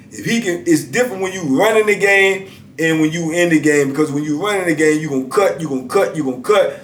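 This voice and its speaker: A man's voice: fairly high pitch, a little hiss or hum. Laid-back middle-aged man telling stories. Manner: laid-back, lots of "man" and "you know what I'm saying". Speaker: storyteller, former prisoner. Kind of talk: casual storytelling. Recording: roomy echo.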